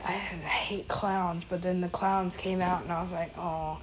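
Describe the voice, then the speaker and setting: A woman's voice: on the low side, level tone, moderate pace, a little hiss or hum, rough recording. A woman DJ telling a story in a casual, rambling way, full of fillers and swearing.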